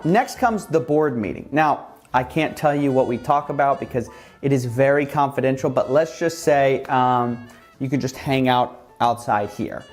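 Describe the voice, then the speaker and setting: Male YouTuber doing a mock-humble, sarcastic guru parody; mid-pitched voice, faint music underneath. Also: moderate pace. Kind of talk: comedic parody monologue.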